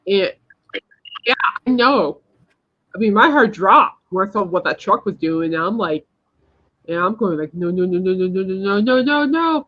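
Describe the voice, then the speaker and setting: A woman's voice: mid-range voice, a bit bright. A woman hosting a podcast, telling a personal story in a rambling, emphatic casual chat. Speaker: podcast host. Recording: dull lo-fi sound.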